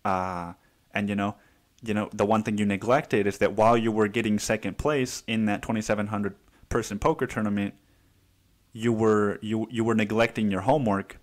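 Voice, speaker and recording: A man's voice: lowish voice, fairly even intonation, moderate pace. Man ranting profanely, saying "dude" constantly. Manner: exasperated, restarts sentences. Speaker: podcast host. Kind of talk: casual solo podcast rant.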